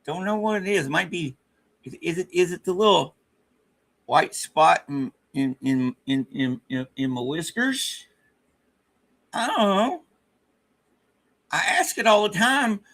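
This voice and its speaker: A man's voice: high-pitched, big pitch swings, takes it slowly, pauses often, fairly bright tone. A man hosting a casual livestream, rambling and joking at his own expense with frequent stammered restarts. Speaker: livestream host.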